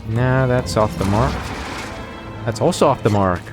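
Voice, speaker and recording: A man's voice: mid-range voice, a little slow, music in the background. A man streaming a video game, swearing constantly and sarcastic as he grows more and more exasperated. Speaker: gaming streamer. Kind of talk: frustrated gameplay commentary.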